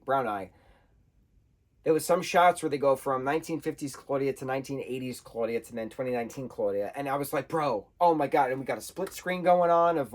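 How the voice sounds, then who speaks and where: A man giving an excitable, casual review monologue, peppered with slang and repeated exclamations. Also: mid-range voice. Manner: excitable, animated, repeats slang like "bro" and "wild". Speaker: show reviewer.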